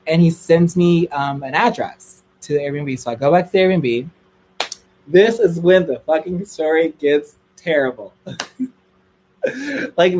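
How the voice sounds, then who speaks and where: A young man with a slightly high voice tells a gossipy story to his live viewers, dramatic and quick to squeal. He sounds like he is at home, streaming through a computer mic with a faint hiss behind him. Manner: dramatic, gossipy, swings to squealing highs when excited. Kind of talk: casual storytelling to a live audience.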